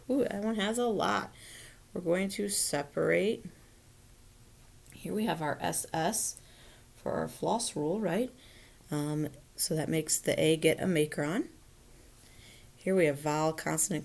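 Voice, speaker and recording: With a low, creaky voice and a measured pace broken by long pauses, a woman teacher takes students through a phonics lesson step by step. It's a recorded lesson for children, and she patiently checks in as she goes, often asking "right?".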